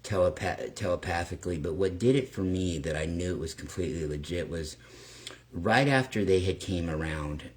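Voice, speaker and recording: Low-voiced man rambling through a story. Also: normal speed. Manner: rambling, swears casually, frequent "okay?" check-ins. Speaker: channel host. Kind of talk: casual storytelling monologue.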